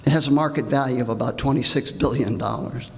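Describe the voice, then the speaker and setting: An older man with a gravelly voice, reading a pointed, indignant prepared comment at a public hearing. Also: medium pitch, steady tone, fast talker. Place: large hall. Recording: reverberant hall.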